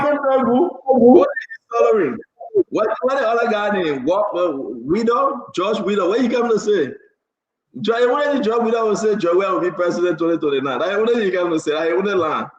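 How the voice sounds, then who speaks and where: A man hosting a live political talk show, animated, teasing and laughing as he talks. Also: sits high, moderate pace, echoey room, lo-fi sound. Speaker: show host. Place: New Jersey.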